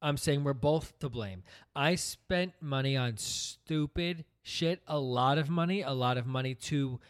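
A man's voice: mid-range voice, smooth, no room sound, studio quality. A man co-hosting a casual podcast with his partner, talking in a wry, teasing way. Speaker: podcast co-host. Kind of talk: casual couple podcast chat.

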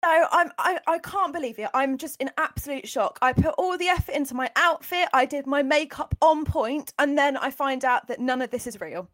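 A woman's voice: high-pitched, a little fast, few pauses, a bit bright, no room sound. A woman voicing a self-absorbed reality TV star, talking dramatically. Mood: distraught.

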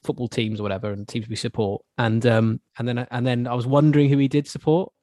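A man hosts a football podcast in an easygoing, chatty way. He gets animated and stumbles into little restarts as he talks. His voice sits in a middle range, recorded close and dry. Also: mid-range voice, fast talker, no echo. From Wales. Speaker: podcast host. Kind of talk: casual football chat.

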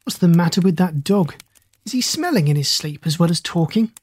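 A single audiobook reader voicing a kindly, puzzled doctor in a husky voice. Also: mid-range voice, animated, fairly quick, a little mellow. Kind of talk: audiobook character voice.

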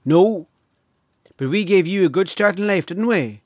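A woman's voice: fairly low pitch, lively intonation, unhurried, a little mellow, no room sound, clean studio sound, voice pushed up. A man voicing a mischievous young countrywoman with a Donegal accent, talking in a lilting, teasing, homely way.

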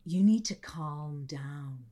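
Woman doing a flat American boyfriend. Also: low-pitched, slow pace, a crowd in the background, pitched below the performer's own voice. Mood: dismissive. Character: bored, cold American boyfriend.

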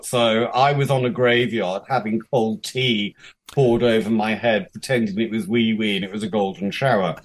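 Here the fiftyish man from England talks at normal speed, his voice fairly low and even. As an interview guest he recounts his life openly and crudely, performing other people's lines in his stories.

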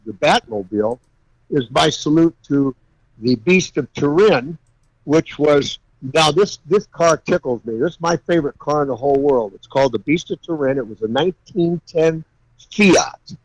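Man, folksy storyteller, animated, fairly high voice, dry close sound. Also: moderate pace, dry recording, poor audio. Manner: folksy, animated, laughs while telling stories. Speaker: custom car builder guest. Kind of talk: anecdotal storytelling.

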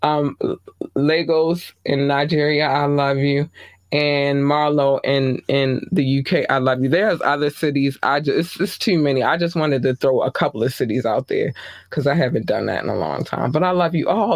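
A woman hosting her podcast in casual solo chat, warmly thanking listeners place by place and jumping high in pitch when excited. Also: normal speed, no echo. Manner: effusive, shouting out listeners by country. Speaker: podcast host.

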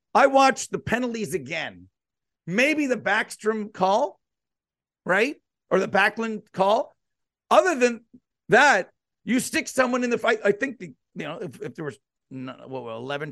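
A man hosting a hockey podcast, talking casually and tossing out pointed questions with animated asides. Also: high voice, no room sound, clean studio sound. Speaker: podcast host. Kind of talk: casual sports talk.

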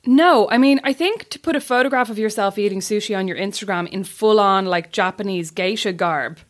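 A woman, co-hosting a casual chat, teasing and arguing her points quickly. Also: mid-range voice.

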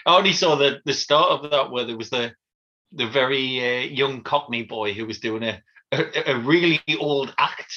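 Bright-voiced man chatting. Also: mid-range voice, lo-fi sound. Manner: chatty, quick reactions, laughs often. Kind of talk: casual chat.

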